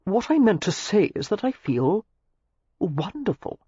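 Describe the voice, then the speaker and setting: A woman's voice: mid-range voice, sing-song, measured pace, warm tone, breathy edge, no echo, voice pushed up, heavily acted. A woman voicing an ardent young English lord who makes earnest, flowery declarations. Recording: slightly muffled lo-fi recording.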